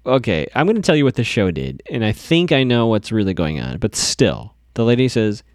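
A man's voice: lowish voice, very animated, fairly quick, no room sound, clean studio sound. A young man casually recapping a TV episode, chatty and amused, with plenty of fillers. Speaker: podcast host recapping a TV episode.

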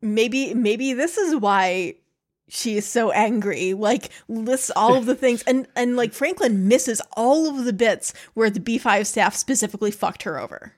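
Relaxed woman co-host chatting. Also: a little high, unhurried. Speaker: podcast co-host. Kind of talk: casual chat.

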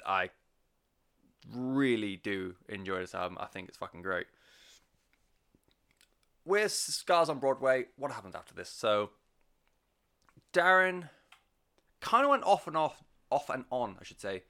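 Bright, sweary man reviewing music. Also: mid-range voice, very animated, unhurried, pauses often, clean tone. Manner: enthusiastic, sweary, rambling with many fillers. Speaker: album reviewer. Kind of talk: casual spoken music review.

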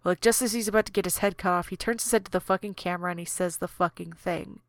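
A woman's voice: on the low side, fairly even intonation, fast, dry recording, clean studio sound, natural voice. A woman voicing a foul-mouthed young chat user who rants heatedly in a chat log reading. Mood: ranting. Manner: swearing, heated ranting.

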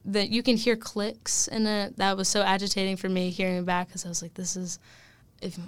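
Young adult woman, casual interviewee, smooth yet gravelly tone, lots of fillers and laughter. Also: mid-range voice, brisk, no echo. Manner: chatty, many fillers and laughs, animated. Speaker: student guest.

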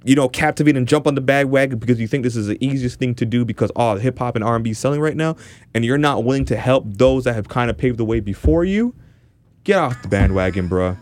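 A man's voice: mid-range voice, fast, a little mellow, dry recording. Dry-sounding man ranting on a podcast. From Toronto, Canada. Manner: passionate ranting, frequent restarts. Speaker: podcast co-host. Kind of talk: casual podcast chat.

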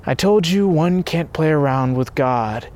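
A man reading the part of a calm, firm priest, measured and solemn. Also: a little high. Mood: stern.

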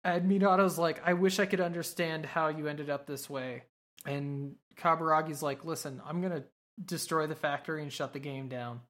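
A low-pitched woman at a moderate pace and steady tone goes over an anime episode for her podcast. She's casual about it, cursing freely and tossing in quoted character lines along the way.

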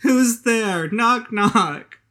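A game master voicing a despairing, drunk, cursed young woman who talks in a halting, self-pitying way and repeats her words. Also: mid-range voice, pushed and bright, voice pushed up.

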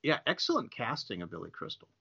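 A man who is a guest on a casual podcast, speaking haltingly as he searches for his words. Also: mid-range voice, huge pitch swings, gravelly, sharp tone, husky. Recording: dull lo-fi podcast audio.

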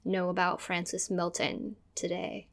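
A woman's voice: lowish voice, completely flat delivery, slow pace, vocal fry, fairly bright tone. A woman hosting and producing a podcast, talking in a loose, conversational way with filler words. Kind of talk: casual chat.

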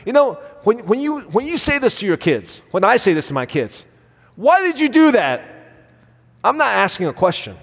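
Earnest male pastor, higher-pitched voice, preaching with lively swings in loudness, long hall reverb. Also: a little fast, vocal fry, few pauses, slightly rough. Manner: earnest, swings between loud emphasis and soft acted quotes. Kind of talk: sermon.

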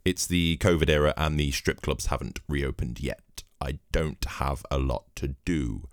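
A man's voice: a bass voice, fairly even intonation, a little slow, no echo, studio quality. A man hosting his own podcast, telling rambling, cheeky, profane stories while he drinks at his home microphone. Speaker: podcast host. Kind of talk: comedic podcast monologue.

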